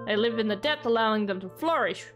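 A woman's voice: fairly high pitch, lively intonation, fast talker, soft background music, natural voice. Doctor Bacon, a woman reading a boastful archaeologist. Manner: reads game text in near-own voice.

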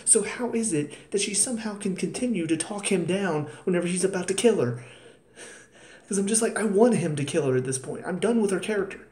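Guy venting about a tv episode, kinda high voice, sarcastic, roomy echo with faint background hum. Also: lively intonation, fairly quick, a little mellow. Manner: exasperated, ranting, sarcastic asides. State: tired. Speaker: TV show reviewer. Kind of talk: casual spoken episode review.

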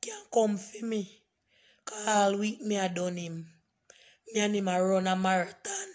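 A hoarse woman, scolding and repeating herself emphatically in a ranting vlog. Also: mid-range voice, fairly even intonation, unhurried, darkish tone. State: hoarse, voice nearly gone. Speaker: online commentator.

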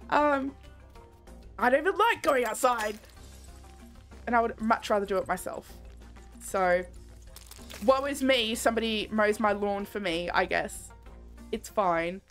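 A young woman streaming a game, chatting candidly and rambling in a soft-spoken way, laughing often. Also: high-pitched. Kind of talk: casual live-stream chat while gaming.

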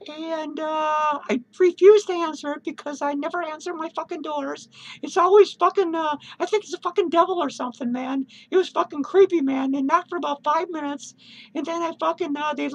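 A woman's voice: sits high, fairly even intonation, normal speed, low-quality recording. A woman playing a cackling, foul-mouthed old man ranting. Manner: swears constantly, rambling, cackling laughs. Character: crude, foul-mouthed, boozy older man ranting on a webcam vlog. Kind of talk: comedic character vlog rant.

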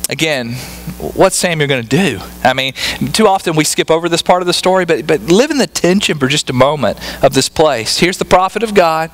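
High-voiced man preaching a conversational sermon. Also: expressive, brisk, slight background noise, low-quality recording. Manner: conversational preaching with rhetorical tag questions. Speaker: pastor.

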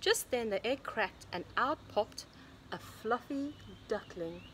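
A preschool teacher, a woman, reading a picture book aloud to young children in a sing-song storybook voice with hushed asides. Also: a little high, lively intonation, slow, a little hiss or hum. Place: home or classroom, recording online lesson.

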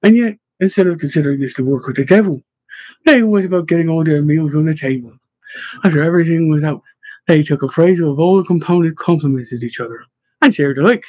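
A man narrating a storybook in a steady, even reading voice. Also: a little high, fairly quick, no echo. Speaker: audiobook narrator. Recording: dull lo-fi dry recording.

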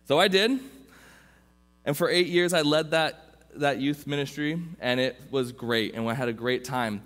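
A man's voice: medium pitch, a little slow, fairly bright tone. A young adult man preaching as a youth pastor, telling a personal story informally with restarts. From Southern California. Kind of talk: sermon. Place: church sanctuary. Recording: long reverb from a church hall.

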